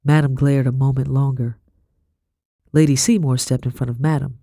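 A woman's voice: rumbling low, fairly even intonation, moderate pace, dark tone, no echo, clean studio sound. Woman reading a historical novel aloud. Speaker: audiobook narrator.

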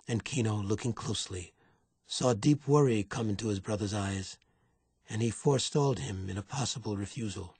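Male audiobook narrator, raspy voice, dry booth sound, even delivery. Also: lowish voice, normal speed, no echo. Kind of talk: scripted narration.

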